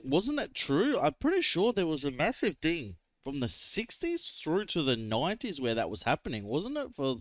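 A man's voice: mid-range voice, no echo, clean studio sound. Aussie guy reacting to a movie, chatty and laughy, voice jumping all over. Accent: Australian. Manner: chatty, laughs easily, animated. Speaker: film reaction host. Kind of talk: casual reaction commentary.

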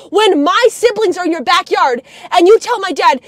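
Young woman streamer, very high pitch, close dry sound, heated profane ranting. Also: lively intonation, fairly quick, few pauses, no echo. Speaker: livestreamer. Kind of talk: livestream rant.

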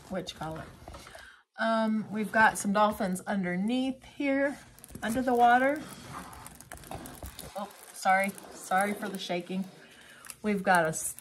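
A woman's voice: mid-range voice, slight background noise. A woman craft vlogger giving casual unboxing commentary, gushing with exclamations and chatty asides to her viewers.

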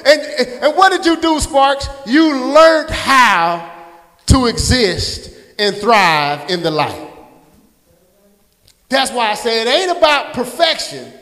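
A man preaching from the pulpit in a strikingly high voice, calling on his congregation to answer back and naming people in the pews. His words ring out with a long hall reverb. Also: big pitch swings, slow, bright, forceful tone. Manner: call-and-response preaching, addresses congregants by name. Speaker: pastor. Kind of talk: sermon. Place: church sanctuary.

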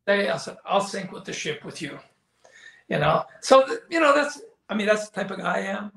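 A man's voice: high voice, very animated, fairly quick, creaky, a bit bright. An older man, a former wrestling commentator, telling stories in a candid interview, acting out quoted dialogue and often saying "you know.". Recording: echoey room.

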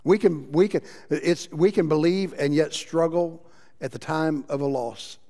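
A man preaching a sermon as pastor, impassioned, moving between loud emphasis and quiet passages. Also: on the high side, measured pace. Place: church sanctuary. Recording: long reverb of a church hall.

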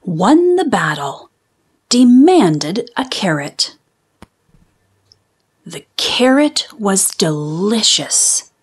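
A woman voicing a sleepy, bossy, carrot-demanding wombat in a children's storybook, with deadpan diary entries and sleepy words whispered. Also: fairly high pitch, extremely slow, long pauses, breathy edge, heavily acted. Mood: dry, sleepy.

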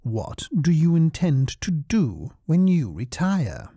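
Cool, precise spy, read by a man, courteous and measured, lively pitch. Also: no room sound, studio quality, full character voice.

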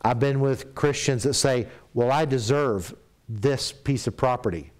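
A middle-aged man preaching a sermon in a church, telling stories and acting out quoted voices, at times dropping to a soft, confessional tone. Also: medium pitch, measured pace.

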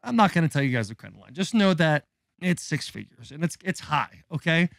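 A man in his thirties, a podcast co-host, telling a story in a casual, animated and profane way with dramatic build-up. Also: a little high, fairly quick, gravelly, no echo, studio quality.

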